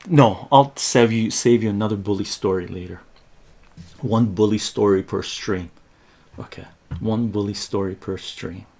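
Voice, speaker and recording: A man's voice: lowish voice, creaky. A middle-aged man from Iran, telling profane stories in a casual livestream and checking in with "right?". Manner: animated, profane, conversational with frequent "right?". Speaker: streamer.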